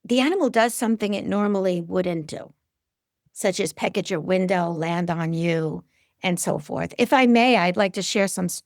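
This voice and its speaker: Middle-aged woman, medium being interviewed; gravelly, dry close sound; animated storyteller. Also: normal speed, no echo. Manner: animated storyteller, acts out quotes with big pitch jumps.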